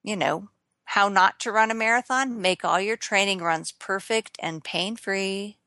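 A woman's voice: mid-range voice, a little slow, sharp tone, no room sound. A woman co-hosting a running podcast, chatting casually and jokingly with many restarts. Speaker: podcast co-host. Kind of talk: casual chat.

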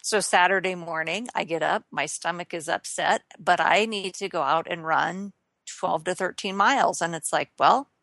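A woman talks casually on a podcast about running. Her voice sits a little low, and she jokes and often restarts her sentences. The sound is dry and close. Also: moderate pace, creaky, fairly bright tone, no room sound. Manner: chatty, jokey, many restarts. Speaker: podcast co-host. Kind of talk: casual chat.

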